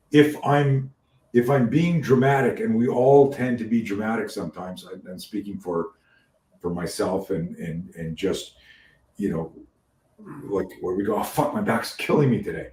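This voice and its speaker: A man hosting a podcast interview, telling stories in an animated way, swearing freely and often restarting his sentences. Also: on the low side, unhurried, roomy sound, recorded from a distance, rough recording. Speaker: podcast host. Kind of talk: casual interview chat.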